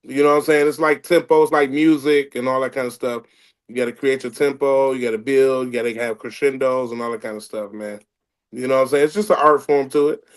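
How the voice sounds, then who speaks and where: A male comedian talks in a relaxed, mentoring way in a casual chat. His voice sits at a middle pitch. He comes across as easygoing. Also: brisk. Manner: laid-back, mentoring. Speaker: comedian guest. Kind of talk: casual chat, giving advice.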